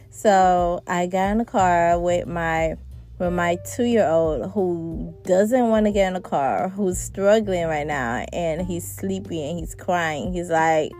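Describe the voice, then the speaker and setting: Brief: unhurried young woman, chatty mom podcaster, y'all to listeners. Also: on the low side, dark tone, soft background music. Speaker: podcast host. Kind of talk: casual chat.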